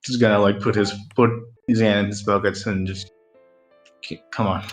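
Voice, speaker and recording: A man playing a tabletop game, chatting casually with loud, sweary outbursts. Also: lowish voice, fairly even intonation, moderate pace, faint music behind. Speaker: player.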